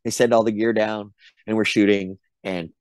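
A man's voice: fairly low pitch, flat delivery, normal speed, dry recording. A middle-aged man, an actor being interviewed, telling casual anecdotes and acting out the quotes. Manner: chatty storyteller, acts out quotes. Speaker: actor guest.

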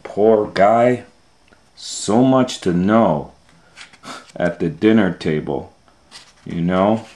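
A man hosting a children's storytime and reading a picture book aloud in an expressive way, swinging from loud scolding calls to hushed asides. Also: lowish voice, drawn-out words, pauses often.

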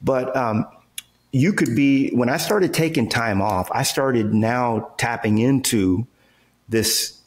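A real estate entrepreneur and coach, appearing as an interview guest, speaks slowly in a medium-pitched male voice. He explains his ideas emphatically yet casually, using everyday examples and often checking in with "okay" and "right."

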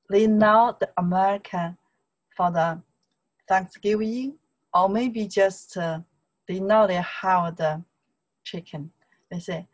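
Slow-talking Chinese-accented woman teacher. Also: mid-range voice, poor audio. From China. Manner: chatty, repeats words slowly for learners, laughs often, broken English. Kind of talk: casual online language lesson.

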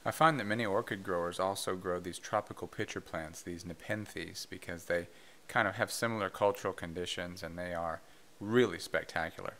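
A man's voice: deep voice, normal speed, bright, forceful tone, slight background noise. A man hosting a casual plant vlog, talking in a friendly, conversational way with the odd "uh". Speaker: vlog host. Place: botanical garden greenhouse.

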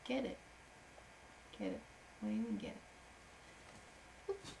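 A woman improvising a story for a young child at home, animated, with playful sound effects and soft asides. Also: lowish voice, slow, slight background noise, poor audio.

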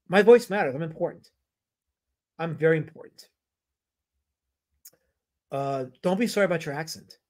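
A man's voice: fairly high pitch, a little mellow. A man hosting a casual livestream about comic artists, rambling, answering his chat and putting on playful mock outrage.

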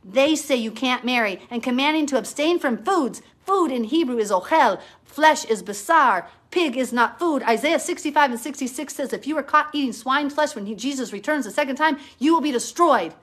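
A woman's voice: high voice, expressive, moderate pace, few pauses, fairly bright tone. Fervent woman teaching the Bible live. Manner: fervent, emphatic, argumentative. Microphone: phone or webcam, live stream.

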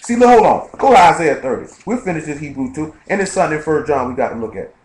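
A man leading an informal Bible study sermon, quoting scripture rapidly and checking in with his listeners. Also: on the high side, lively intonation, a little mellow, a little hiss or hum. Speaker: preacher. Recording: echoey live-streamed room.

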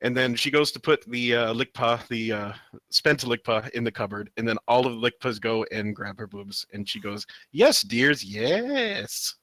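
A man's voice: mid-range voice, steady tone, normal speed, pushed and bright, no echo. A man co-hosting a comedy podcast, reading a webcomic aloud with frequent giggles and silly voices. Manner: giggly, reads out panel dialogue in silly voices. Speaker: podcast co-host.

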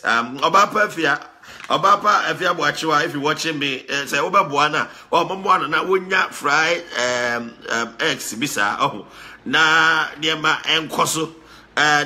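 A man with a Ghanaian accent giving lively, repetitive casual commentary, slipping between Pidgin and Twi. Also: on the high side.

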